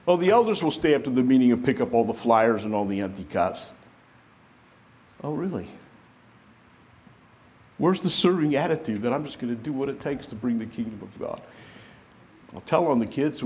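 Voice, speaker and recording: Man, pastor, lively sermon, acts out quoted voices, middle pitch. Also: a little hiss or hum. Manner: animated preaching, acting out quoted voices.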